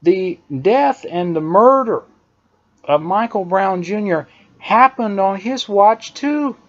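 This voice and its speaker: A political commentator with a high-sitting, expressive voice speaks slowly in an emphatic, indignant opinion monologue, hammering his points through repeated phrases. The recording is dull and lo-fi.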